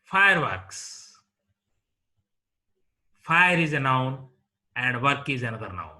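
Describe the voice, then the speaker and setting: A man with an Indian English accent teaching a slow, deliberate lesson, repeating word lists one item at a time. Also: mid-range voice, expressive, sharp tone. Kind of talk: classroom lecture.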